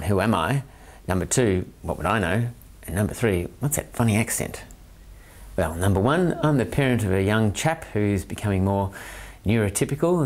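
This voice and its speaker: A man's voice: lowish voice, darkish tone. A man with an Australian accent, a parent presenting a scripted talk in an earnest, methodical way, counting off his points by number. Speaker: parent and autism training promoter.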